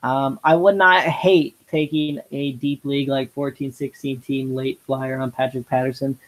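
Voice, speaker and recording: A man co-hosting a podcast in casual chat, relaxed and joking. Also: mid-range voice, moderate pace, poor audio. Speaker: podcast co-host.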